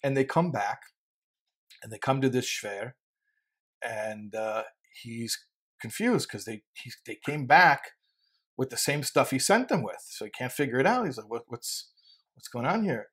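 Animated man preaching a parable. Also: medium pitch, measured pace. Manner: animated, often stammers and repeats words; laughs while telling. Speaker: Torah teacher. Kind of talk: sermon with a told parable.

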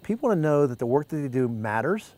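A man's voice: on the high side, very animated, fast, mellow. A man speaking as a panel guest, punchy and emphatic. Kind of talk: casual panel talk.

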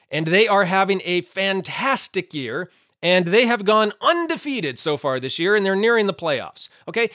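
A Bible teacher with a high voice talks through a lesson in a relaxed, conversational way, swinging his pitch up and down with lots of life. He explains with everyday examples and keeps checking in with his listeners. The sound is dry and close, with no room echo.

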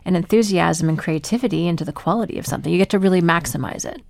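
Low creaky-voiced woman, thoughtful. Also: animated, very fast, a little mellow. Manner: thoughtful, affirming, summarizes ideas. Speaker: podcast co-host. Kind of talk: conversational podcast talk.

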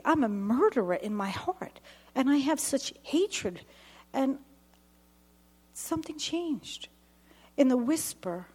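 A middle-aged woman giving an earnest personal testimony at a dinner event, slowing down and dropping to a whisper at intense moments. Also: fairly high pitch, a little mellow.

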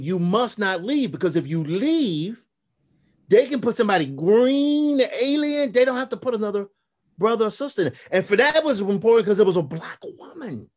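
A man in his fifties, a graphic novelist and podcast guest, telling stories animatedly and acting out the quotes. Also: sits high. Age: 50s. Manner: animated storyteller, acts out quotes. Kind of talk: casual podcast conversation.

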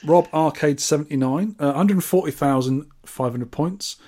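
A man's voice: a little high, normal speed, mellow. A man co-hosting a podcast, reading listener comments and scores with wry, teasing asides. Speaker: podcast co-host.

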